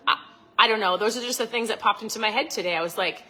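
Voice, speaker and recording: Mom vlogging on her phone outside, rambly pep talk, bright voice with some husk to it. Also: medium pitch, fast talker, low-quality recording. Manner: chatty, rambling, acts out her inner voices. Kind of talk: casual motivational vlog. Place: outdoors by a lake at dusk.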